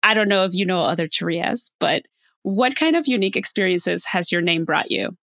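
A woman's voice: lowish voice, animated, brisk, a bit bright, no echo. Podcast host woman, dry close sound. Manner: friendly, conversational questioning. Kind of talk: interview podcast.

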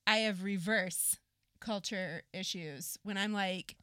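American woman guest on a podcast, bright voice, laughs a lot, dry close sound. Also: mid-range voice, slow, clear, resonant tone, no echo. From United States. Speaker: guest, actress and singer. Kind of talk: casual chat.

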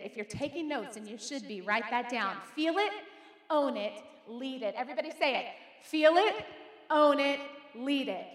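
A middle-aged woman pastor preaching a lively sermon to her congregation and calling on them to repeat her words. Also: high-pitched. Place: church sanctuary. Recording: echoey hall.

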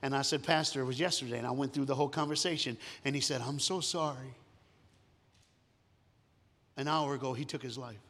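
A man preaching a storytelling sermon, moving between hushed and loud, sometimes singing lines of a song. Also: mid-range voice, steady tone, fairly quick, pauses often. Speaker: guest preacher. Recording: long hall reverb.

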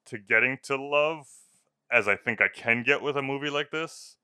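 Bright, crisp-voiced man in his thirties. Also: medium pitch, moderate pace, dry recording, clean studio sound. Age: 30s. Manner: laid-back, swears freely, laughs often. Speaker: podcast co-host. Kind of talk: casual movie chat.

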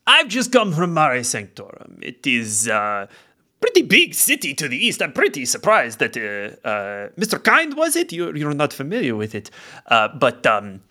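A man voicing a genial, smooth-talking male bard in his late thirties who speaks in insinuating salesman patter. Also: a little high, wildly swooping pitch, normal speed, pushed and bright, heavily acted. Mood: scheming.

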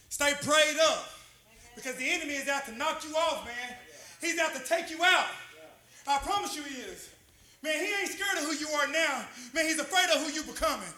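A man preaching a sermon in a church, impassioned and repetitive, building to shouts. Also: very high voice, animated, normal speed. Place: church with an altar.

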